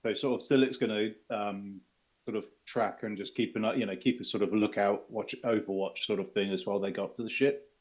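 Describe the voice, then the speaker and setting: A man with a somewhat low voice, recounting what his character does in a tabletop game, hedging with "sort of" and "um". The sound is dull and lo-fi. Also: steady tone, fairly quick. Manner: hesitant, many "sort of" and "um". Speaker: player. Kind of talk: describing his character's actions. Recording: muffled lo-fi mic.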